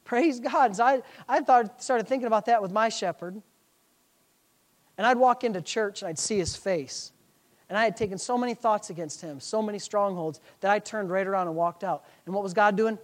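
Male pastor, high-pitched voice; fervent sermon delivery with rhetorical questions. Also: fairly quick. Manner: fervent preaching, rhetorical questions, swings from hushed to shouting.

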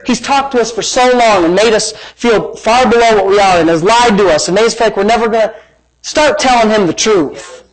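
A man pastor preaching in a lively, conversational style. His voice sits high for a man, and he mixes excited exclamations with joking asides. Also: fairly quick, poor audio. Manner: animated, conversational preaching with playful jabs. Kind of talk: sermon.

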